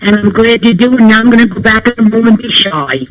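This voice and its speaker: A woman's voice: a little high, fast, a crowd in the background, rough recording. A woman with a downstate New York accent calling in to a show, chatting in a friendly, folksy way. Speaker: caller. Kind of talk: casual call-in chat.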